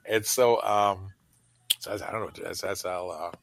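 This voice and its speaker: A man's voice: low voice, steady tone, a little fast, vocal fry. An older man telling casual stories in an interview, rambling with many fillers and asides, and talking over a call. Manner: rambling anecdotes full of fillers and laughs. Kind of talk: casual storytelling.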